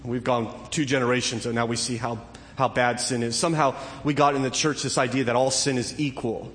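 A pastor preaching a sermon. He builds to emphatic, animated peaks and then drops back low. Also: a little fast. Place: church sanctuary. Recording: long hall reverb, faint noise.

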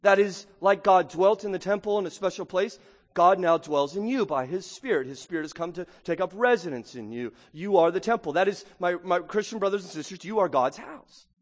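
High-voiced preacher in a reverberant hall. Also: male voice, animated, a little fast. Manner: emphatic, conversational preaching. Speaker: pastor. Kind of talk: sermon.

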